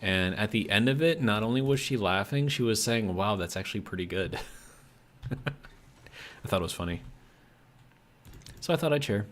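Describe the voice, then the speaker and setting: Low-voiced chatty American streamer man. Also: expressive, normal speed, long pauses. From United States. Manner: rambling, reads chat aloud, many fillers. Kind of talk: casual live-stream chat.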